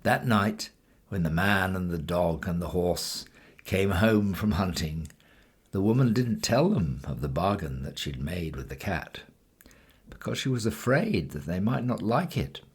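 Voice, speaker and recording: A man reading a classic children's story aloud in measured, rhythmic storybook narration. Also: deep voice, expressive, husky. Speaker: reader.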